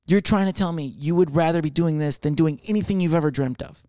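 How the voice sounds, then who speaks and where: A young adult man, a comedian, riffing in a casual rambling monologue, swearing often and slipping into quick voices of other people. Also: fairly high pitch, warm tone, dry recording, studio quality.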